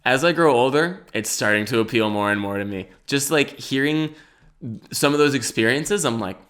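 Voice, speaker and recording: A man's voice: mid-range voice, expressive, moderate pace, fairly bright tone, clean tone. A man in his twenties hosting a solo podcast, talking in a rambling, jokey way, often laughing and swearing casually. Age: 20s. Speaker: podcast host. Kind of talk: solo comedic podcast monologue.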